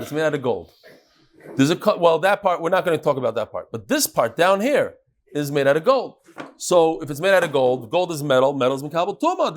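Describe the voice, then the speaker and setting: An animated man teaches a daily Talmud class. His voice sits a bit high, and he keeps turning to call on students in the room. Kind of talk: lively Daf Yomi class.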